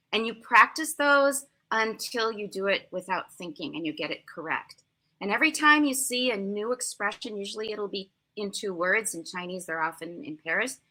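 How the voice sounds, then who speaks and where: An American woman in her sixties, a language teacher, giving lively, emphatic explanations as an interview guest. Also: fairly high pitch. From United States. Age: 60s. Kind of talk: conversational interview answers.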